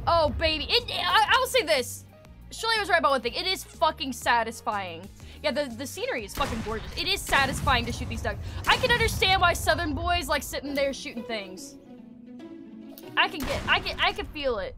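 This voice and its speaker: A woman's voice: high-pitched, big pitch swings, fairly quick, over music. A woman game streamer chatting casually, rambling and swearing in joking commentary.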